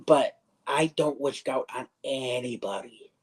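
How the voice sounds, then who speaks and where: A young man rambles through a personal story on a casual livestream. His voice sits at an ordinary, middle pitch. He circles back on himself often and acts out what other people said. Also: unhurried, slightly rough, low-quality recording.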